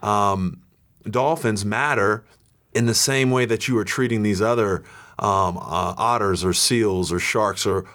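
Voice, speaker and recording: A man speaking as a guest on a podcast, explaining his view in a measured, thoughtful way. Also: lowish voice, a bit bright. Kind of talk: casual conversation.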